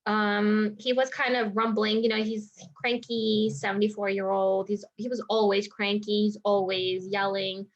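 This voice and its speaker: A woman speaks slowly and thoughtfully in a personal vlog, her voice at a middling pitch for a woman. She circles around her points with many "like" and "you know" asides. The recording sounds a little dull and lo-fi. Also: flat delivery. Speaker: energy healer.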